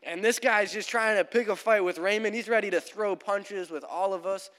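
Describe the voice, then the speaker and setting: Standing in a church sanctuary, a young pastor delivers his sermon casually through storytelling. He speaks at a moderate pace in a high-pitched, fairly bright voice, and the hall adds long reverb.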